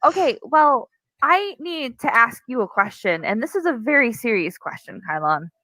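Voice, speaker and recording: Playful, teasing woman in a tabletop game, slightly high and lively pitch, dry sound. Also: normal speed, no room sound, low-quality recording. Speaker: player. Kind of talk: tabletop role-play.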